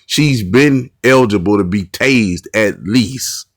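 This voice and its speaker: A man's voice: lowish voice, slow, no echo, studio quality. A male host giving casual commentary on bodycam footage, earnest and repetitive, often restarting his sentences.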